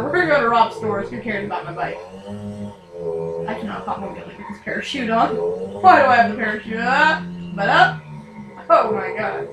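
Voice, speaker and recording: A woman's voice: on the high side, wildly swooping pitch, normal speed, long pauses, music in the background. A woman hosting casual gameplay commentary, chatty and self-mocking, who often laughs at her own mistakes. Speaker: gaming channel host. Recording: echoey room, distant mic, noisy.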